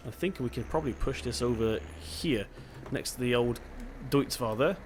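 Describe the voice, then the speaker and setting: A young man from Devon with a soft local accent talks casually over his gameplay. He thinks aloud in an easygoing, chatty way at an ordinary middle pitch. A faint hum of game sound sits behind his voice. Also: normal speed. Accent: Devon English. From England (Devon). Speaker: gaming channel host.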